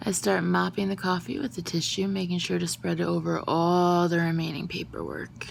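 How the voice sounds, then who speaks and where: Woman reading a novel on her phone, soft half-whispered narration, low gravelly voice. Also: fairly even intonation, moderate pace, few pauses, a little hiss or hum. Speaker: audiobook reader. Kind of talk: first-person novel reading.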